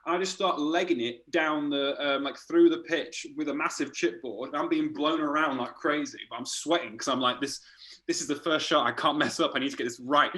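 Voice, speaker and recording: A man, an art director, casually telling animated stories in a podcast chat, laughing and swearing as he goes. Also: on the high side, brisk, rough recording.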